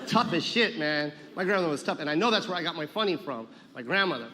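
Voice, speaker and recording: A man's voice: a little high, expressive, fast. A man telling loose, swearing stories in a live stand-up set, acting out the people in them. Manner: loose storytelling with swearing and act-outs. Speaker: stand-up comedian. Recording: live venue with long reverb and faint crowd noise.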